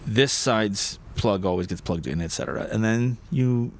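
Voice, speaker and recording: A man's voice: fairly low pitch, moderate pace, a little hiss or hum. A man co-hosting a casual livestream from a motorcycle shop showroom, rambling and self-correcting, laughing easily.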